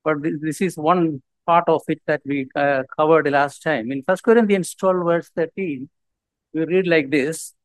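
A man preaching a sermon as a visiting speaker, halting with frequent restarts and reading scripture slowly and deliberately. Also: fairly high pitch, no echo, poor audio.

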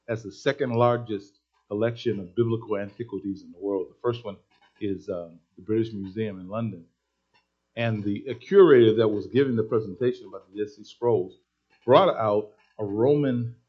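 A man preaching a sermon, telling a story with excitable, emphatic energy. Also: lowish voice, fairly quick. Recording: dull lo-fi sermon recording.

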